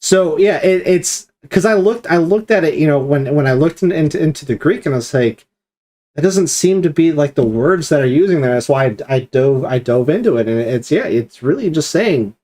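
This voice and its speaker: A man's voice: fairly high pitch, expressive, moderate pace, dark tone. A man leading a streamed Bible study discussion, explaining at length and acting out quoted commands with emphasis.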